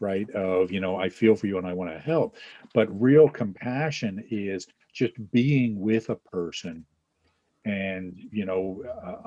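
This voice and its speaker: Low-voiced man presenting a webinar. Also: a little mellow, slightly rough, no echo. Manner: acts out scenes, checks in with "right?". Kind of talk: teaching talk with examples. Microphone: video call.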